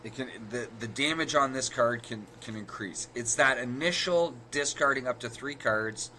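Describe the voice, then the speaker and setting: Speaking at normal speed in a mid-range voice that sounds pushed and bright, a card game podcast co-host casually explains the math behind card plays step by step. He corrects himself as he goes, and there is slight background noise.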